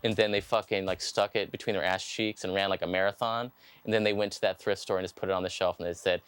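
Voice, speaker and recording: A man's voice: low-pitched, steady tone, fast talker, a bit bright, clear, resonant tone. A man in an interview describing something with crude, exaggerated comic hyperbole. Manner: profane, hyperbolic. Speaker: interviewee, tape collector.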